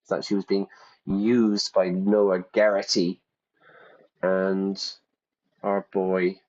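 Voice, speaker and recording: Low-voiced man reacting to a game. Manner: chatty, reads game text aloud and reacts loudly. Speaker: streamer playing a detective game. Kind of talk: casual gameplay commentary. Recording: slightly dull lo-fi audio.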